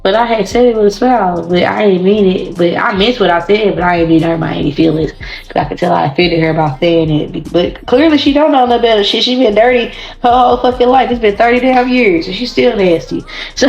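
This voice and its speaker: A hoarse woman giving a casual tarot reading to camera, blunt, profane and rambling as she talks. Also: mid-range voice, a little fast, muffled recording, soft background music. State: hoarse, voice partly gone. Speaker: tarot card reader. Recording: roomy echo.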